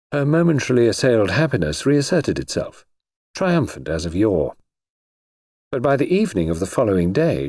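A man narrating an audiobook in a measured, expressive way. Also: medium pitch, husky, no echo, studio quality.

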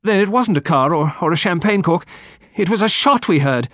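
A man voicing a hysterical young woman who cries out in a shrill, frantic way. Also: animated, moderate pace, a bit bright, no room sound, studio quality.

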